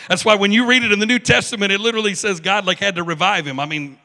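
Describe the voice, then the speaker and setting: Male pastor, high gravelly voice, bright tone, reverberant church hall. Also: brisk. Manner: animated preaching, acts out biblical figures, joking asides. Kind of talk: sermon. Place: church sanctuary.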